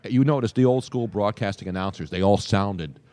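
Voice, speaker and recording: Older man, radio sports host, slight South Philly accent, lowish voice, polished announcer diction. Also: brisk. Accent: slight South Philly under trained broadcast diction. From South Philadelphia. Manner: animated storyteller, broadcaster diction. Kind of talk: casual radio talk. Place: radio row booth at a live event.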